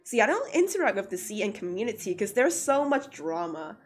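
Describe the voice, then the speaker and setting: A young woman chats casually on her art livestream, mid-pitched and animated. She laughs often and breaks into lively rants. Faint music plays underneath. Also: brisk, husky. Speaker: art streamer.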